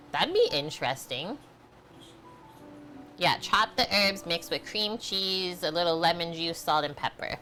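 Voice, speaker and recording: This woman hosts a live cooking stream, speaking in a lowish voice with a bright, forceful tone. She chats casually and answers the chat, stuffing her talk with lots of "like" fillers.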